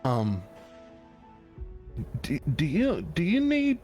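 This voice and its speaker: A man voicing a gentle, caring woman with a soft Southern accent who speaks through a familiar, in a halting, soft-spoken way. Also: a little high, wildly swooping pitch, soft background music, pitched above the performer's own voice, full character voice. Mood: concerned. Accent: soft Southern US (put on).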